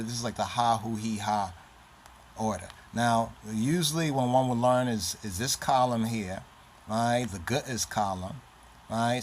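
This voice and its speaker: A man's voice: lowish voice, slight background noise. A man giving a lesson on an alphabet, reciting syllables one by one and often checking in with "right?". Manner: deliberate, repeats letters and sounds aloud, says "right?" often. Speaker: teacher of the Ge'ez script.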